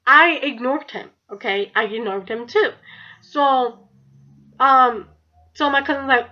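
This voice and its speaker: A woman's voice: high voice, takes it slowly, long pauses, bright, forceful tone. A young woman telling a story on her vlog, chatty and blunt and swearing freely. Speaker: vlogger. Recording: dull lo-fi recording.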